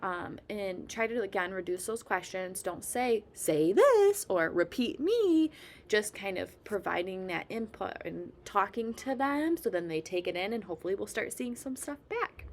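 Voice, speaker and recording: A woman giving casual speech-therapy tips to parents, animated and playful as she acts out baby babble. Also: mid-range voice, normal speed, hardly any pauses. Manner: animated, demonstrates baby sounds playfully, frequent fillers. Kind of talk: casual instructional talk.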